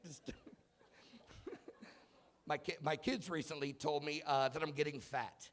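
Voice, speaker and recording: A man in his thirties doing a stand-up comedy set in a club, telling self-mocking stories about his kids and bursting into shouted punchlines. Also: fairly high pitch, fairly even intonation, slow pace, pauses often. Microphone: handheld stage mic.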